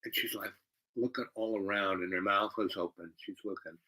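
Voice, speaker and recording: A man telling a personal story in a casual, rambling way, animated and full of fillers. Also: on the low side, normal speed, low-quality recording.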